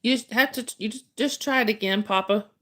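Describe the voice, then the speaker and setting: A woman whose voice sits a little high, pushed and bright, talks fairly quickly while hosting a casual livestream. She tells a story, chats with viewers, laughs often, and keeps restarting sentences.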